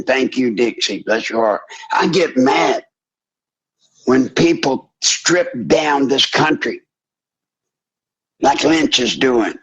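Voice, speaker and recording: Gravelly older man hosting fiery talk radio. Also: on the high side. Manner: fiery, preachy, rising to shouts. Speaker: radio talk show host. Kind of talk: impassioned call-in radio talk. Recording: dull lo-fi broadcast audio.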